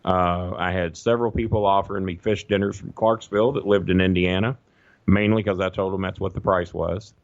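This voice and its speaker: A man telling a long, profane, animated story in a casual podcast chat. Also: low voice, brisk, no room sound, muffled recording. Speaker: guest storyteller.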